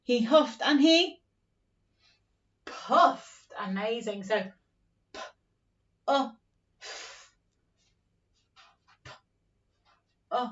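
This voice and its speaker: Woman teacher, slow sing-song phonics lesson, slightly high voice, dull distant recording. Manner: slow, sing-song, encouraging, acts out story lines. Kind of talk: early-years phonics lesson.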